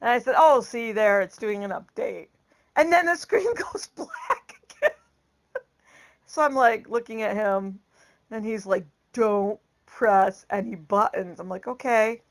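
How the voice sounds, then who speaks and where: A woman's voice: fairly high pitch, lively intonation, unhurried, long pauses. A woman vlogger telling a casual story, laughing often and acting out the lines she quotes.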